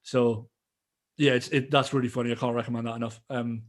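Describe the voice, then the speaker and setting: A man's voice: mid-range voice, flat delivery, fairly quick. A man chatting casually on a podcast, agreeable and hesitant with many ums. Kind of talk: casual chat.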